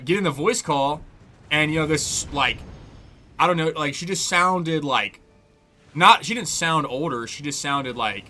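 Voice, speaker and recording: A man's voice: on the high side, sharp tone. A young man streaming a game, chatting casually in a loose, profane, rambling way and laughing often. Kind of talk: casual chat while gaming.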